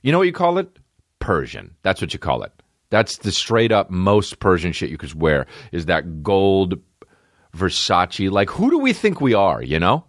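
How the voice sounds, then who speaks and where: A low-pitched man hosts a casual podcast from his home, cursing freely as he rambles and restarts his sentences. His delivery is lively, with pitch leaping high and low, and the recording is close and dry. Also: moderate pace, no echo. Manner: profane, animated, rambling with many restarts. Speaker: podcast host. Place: at home, dogs nearby. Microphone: podcast microphone.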